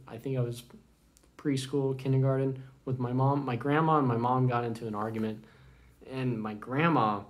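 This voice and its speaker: A man in his thirties tells stories from his family in a loose, rambling way. He pauses often and fills the gaps with ums and uhs. His voice sits at an average pitch for a man. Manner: rambling, halting, many fillers. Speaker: vlogger. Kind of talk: casual storytelling.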